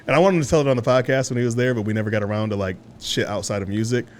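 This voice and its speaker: A man co-hosting a podcast in casual chat, an animated storyteller who swears freely and acts out the voices of people he quotes. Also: medium pitch, rapid-fire, a little hiss or hum. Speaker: podcast co-host.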